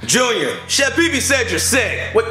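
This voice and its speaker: Someone doing a gruff, yelling monster dad. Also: medium pitch, sing-song, moderate pace, loud music behind the voice, close to an everyday voice. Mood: grumpy. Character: lazy, gruff, short-tempered monster dad.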